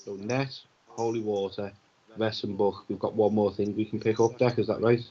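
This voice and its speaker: A man's voice: on the low side, fairly even intonation, normal speed, mellow, dull audio. A man playing a tabletop game, chatting casually and a little anxiously with the others. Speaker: player.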